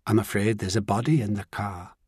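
Audiobook: man doing an anxious woman on the edge of tears, husky and raised. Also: on the low side, steady tone, brisk, darkish tone, no room sound, clean studio sound. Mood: distraught. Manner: apologetic, breaking with grief. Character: anxious, distraught woman caretaker. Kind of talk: audiobook character reading.

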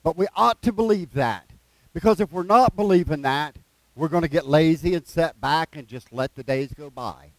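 A man preaching a sermon in a folksy way, reading scripture slowly with plain asides and repeated phrases. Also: on the high side, no room sound, rough recording.

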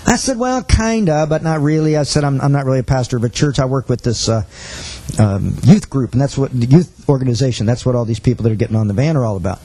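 Husky man telling a story in a teaching talk. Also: mid-range voice, fast, dark tone, rough recording. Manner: earnest, storytelling, quotes others in dialogue. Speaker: missions teacher.

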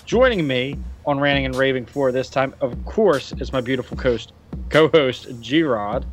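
A man hosting a podcast, telling stories excitedly and laughing often in casual chat. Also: medium pitch, normal speed, soft background music. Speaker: podcast host.

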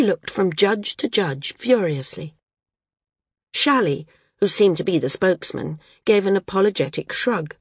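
Husky-voiced woman narrating a novel. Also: medium pitch, expressive, unhurried, no room sound, clean studio sound. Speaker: audiobook narrator. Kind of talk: scripted narration.

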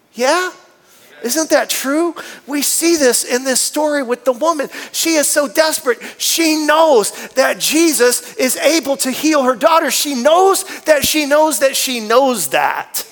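High-voiced pastor preaching in a reverberant hall. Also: male voice. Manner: animated, acts out scenes with changing voices. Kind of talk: sermon. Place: church sanctuary.

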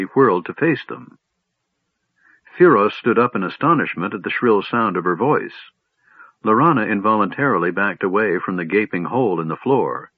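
Male audiobook narrator, husky, measured storytelling, phone-thin dry sound. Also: low-pitched, no room sound, narrow, tinny audio. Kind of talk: scripted fantasy narration.

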